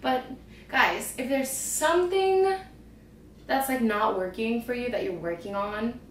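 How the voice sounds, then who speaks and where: A woman's voice: a little high, animated, unhurried, echoey room, recorded from a distance, slight background noise. A woman and trapeze instructor giving a rambling, upbeat motivational talk to her viewers. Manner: chatty, rambling, upbeat, lots of "like". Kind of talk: casual motivational talk to camera.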